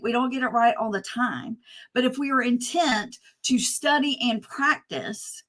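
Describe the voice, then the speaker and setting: A woman on a conference panel teaching nonviolence, telling personal stories with animated humor. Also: fairly high pitch. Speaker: panel speaker, nonviolence educator. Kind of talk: storytelling on a panel. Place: conference stage.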